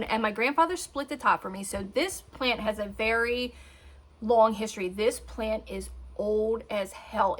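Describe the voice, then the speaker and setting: Chatty thirty-something woman vlogging at home, a bit high, wanders off topic a lot. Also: fairly bright tone. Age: 30s. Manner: chatty, rambling, talks to her dogs mid-sentence. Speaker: beauty vlogger. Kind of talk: casual chat.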